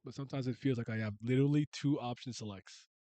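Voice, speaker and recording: A man's voice: mid-range voice, quick pace, warm tone, dry recording. A man in his thirties, from Canada, chatting casually and rambling with viewers as a streamer. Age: 30s. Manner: rambling, restarts and laughs, uses slang.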